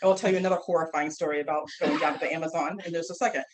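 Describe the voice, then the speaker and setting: Woman instructor, chatty and animated storyteller, slightly off-mic with light background hiss. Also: deep voice, very fast. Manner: lively, rambling, with restarts and frequent "like". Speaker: herbal instructor and guest speaker. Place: classroom, speaking away from the mic.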